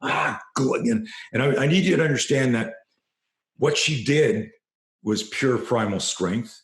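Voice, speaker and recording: A middle-aged man, a self-defense trainer, telling a story in an interview and growing animated as it builds. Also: unhurried, reverberant. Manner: animated storyteller, rising in pitch and force when excited.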